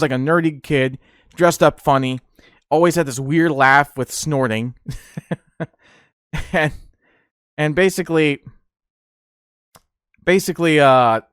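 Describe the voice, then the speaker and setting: A man's voice: on the high side, fairly bright tone, clear, resonant tone, dry recording, clean studio sound. Rambling, laughing podcast host man. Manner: rambling, laughs often, many fillers. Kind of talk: casual chat.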